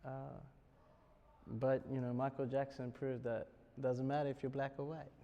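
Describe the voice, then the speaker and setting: A man's voice: mid-range voice, level tone, normal speed, lo-fi sound. Aussie guy lecturing students, jokey, chuckles a lot, big reverby hall. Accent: Australian. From Australia. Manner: joking, chuckles often. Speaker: spiritual speaker.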